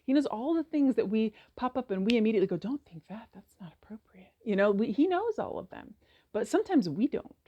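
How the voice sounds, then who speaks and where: A woman's voice: on the high side, sing-song, quick pace, dull audio. A woman hosting a casual faith reflection, talking earnestly and rambling with many restarts. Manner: acts out prayers in a raised, heated voice. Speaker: podcast host.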